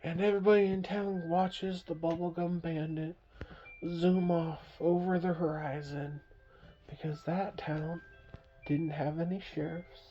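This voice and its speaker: A woman's voice: deep voice, mellow. A woman telling a playful bedtime story, making sound effects and asking her listener questions. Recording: dull lo-fi recording.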